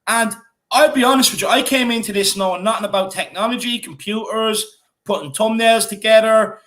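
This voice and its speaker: High-voiced Irish man chatting. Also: brisk, fairly bright tone. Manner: chatty, repeats himself, many fillers. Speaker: fan channel co-host. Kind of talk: casual live-stream chat reading comments.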